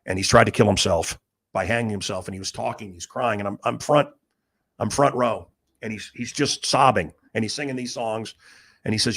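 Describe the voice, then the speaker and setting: A man's voice: lowish voice, moderate pace, a bit bright, slightly rough. Blunt, rambling middle-aged man. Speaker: radio host. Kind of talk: casual storytelling monologue.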